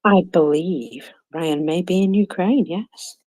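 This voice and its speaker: A woman's voice: on the low side, slow, darkish tone. A woman hosting a casual online audio chat, chatty and searching for words. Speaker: host.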